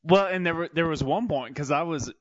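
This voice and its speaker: A man's voice: on the high side, brisk, crowd noise. Laid-back man telling a cockpit story. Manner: laid-back, swears, lots of "and, uh" fillers. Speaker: former Apache front-seat pilot. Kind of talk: casual storytelling in a group interview. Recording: dry, dull lo-fi audio.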